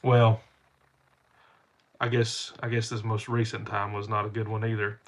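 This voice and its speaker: A man's voice: lowish voice, little pitch movement, a little slow. A man telling rambling, folksy stories to his camera while stuffy-nosed from a cold. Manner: rambling, repeats himself, folksy. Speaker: channel host. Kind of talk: casual storytelling to camera.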